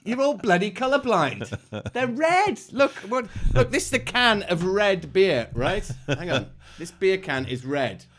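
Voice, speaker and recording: A man's voice: high-pitched, sing-song, measured pace, a bit bright. A middle-aged man co-hosting a casual live chat show, joking and laughing often. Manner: jokey, teasing, laughs often. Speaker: co-host.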